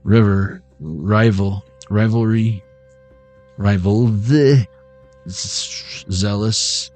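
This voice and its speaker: Slow-talking man doing a rambling tarot reading. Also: fairly low pitch, a little mellow, soft background music. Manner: rambling, word-associating, laughs often, sings snatches of old songs. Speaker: tarot reader. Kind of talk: casual intuitive reading, free association.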